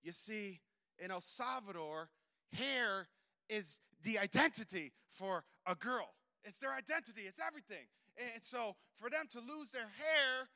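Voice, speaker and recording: Male missionary preacher, high and bright-toned, animated storyteller who voices the dialogue himself. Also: moderate pace. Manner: animated storytelling, swings between loud bursts and soft asides; acts out dialogue in quoted voices. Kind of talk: sermon testimony.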